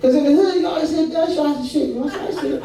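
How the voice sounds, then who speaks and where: A man's voice: very high-pitched, quick pace, creaky, warm tone, slight background noise. A man doing a stand-up comedy set on a club stage, telling stories in a profane, laughing way. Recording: echoey club from far off, crowd.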